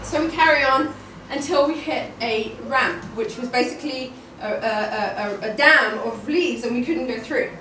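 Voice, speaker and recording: A woman telling a personal story at a live storytelling event, animated and often laughing, repeating words for effect. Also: a little high, normal speed, hardly any pauses. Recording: echoey room, distant mic, noisy.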